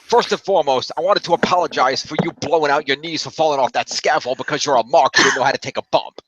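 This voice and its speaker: A man's voice: on the high side, fast, dull audio, noisy background, natural voice. A man putting on a New York mafia-style accent to play a brash, defensive man reading out a sarcastic apology. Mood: mocking. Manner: mocking, sarcastic delivery of a read-out statement.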